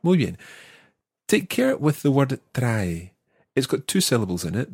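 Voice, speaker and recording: A man hosting an audio language lesson, patiently explaining and slowing down to model each word. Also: medium pitch, very animated, gravelly, breathy edge, no echo, clean studio sound. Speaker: language teacher, podcast host.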